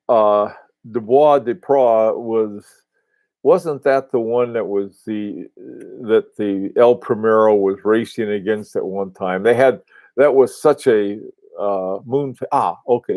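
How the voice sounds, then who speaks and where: A man hosting a casual livestream, answering viewers in a halting, rambling way with many restarts and fillers. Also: fairly low pitch, darkish tone, no echo. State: has the hiccups. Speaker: host of a live watch talk.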